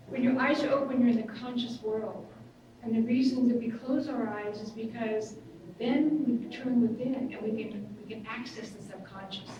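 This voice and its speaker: A woman's voice: a little high, muffled recording. A woman speaker telling stories to a workshop audience, chatty and conversational. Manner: conversational, acts out quoted voices. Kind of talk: storytelling workshop talk. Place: large conference hall. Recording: echoey hall, far from mic, room noise.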